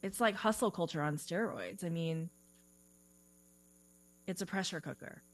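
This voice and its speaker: A woman career coach talking casually in a podcast interview, full of "like" and "you know" and quick giggles. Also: lowish voice, poor audio.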